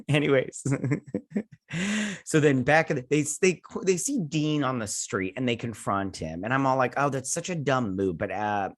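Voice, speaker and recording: Excited man rambling through an episode recap. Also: medium pitch, moderate pace, no echo, studio quality. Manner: excited, rambling retelling full of "he's like". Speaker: host and TV reviewer.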